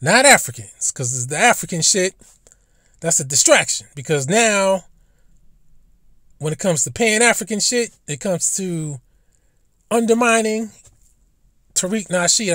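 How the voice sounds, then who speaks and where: A man's voice: sits high, a bit bright, no room sound, clean studio sound. A man telling stories in a casual, rambling monologue, blunt and profane, often stumbling over and repeating his words as a commentary host.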